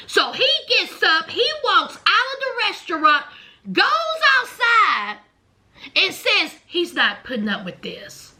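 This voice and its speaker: A woman with a very high, bright voice gossips through a reality show recap at an unhurried pace. She is sassy and chatty, laughs often, and slips into voices for the people in the story. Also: sing-song.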